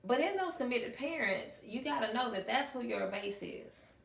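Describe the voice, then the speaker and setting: A middle-aged woman, a high school math teacher, telling stories to an audience with emphatic repetition and acted-out dialogue. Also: expressive, moderate pace, gravelly. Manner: emphatic, acts out dialogue, repeats phrases for effect. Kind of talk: storytelling talk to an audience. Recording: echoey room, mic at a distance.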